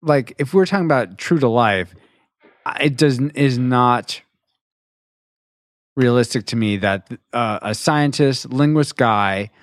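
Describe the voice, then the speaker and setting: A man co-hosting a casual movie-review chat, animated and teasing, laughing often. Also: medium pitch, measured pace, no room sound, clean studio sound.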